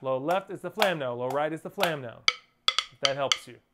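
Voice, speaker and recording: A man's voice: fairly high pitch, moderate pace, over loud music. A man teaching a drum lesson, explaining strokes and counting off and calling out sticking patterns as students play.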